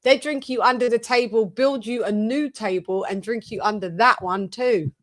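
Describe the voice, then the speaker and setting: A woman hosting a casual chat show, telling lively, animated stories and swearing freely. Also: fairly high pitch, normal speed. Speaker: host.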